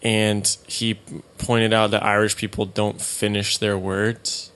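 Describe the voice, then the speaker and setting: A male comedian chatting on a podcast with a fairly low voice, drifting through his stories with plenty of ums and likes. He sounds relaxed and unhurried. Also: smooth. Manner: relaxed storytelling with filler words. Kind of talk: casual chat.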